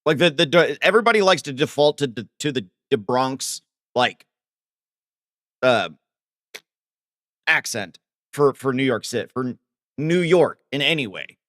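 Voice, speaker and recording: Male streamer from Ohio, casual rambling chat with viewers, dry close sound, very animated delivery. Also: medium pitch, no room sound. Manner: rambling, reads chat aloud and answers with quick laughs. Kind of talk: casual live-stream chat while coding.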